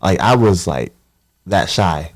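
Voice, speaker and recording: A man's voice: low-pitched, expressive, takes it slowly. A man, a professional basketball player guesting on a podcast, telling stories animatedly and acting out voices. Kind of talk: casual storytelling interview.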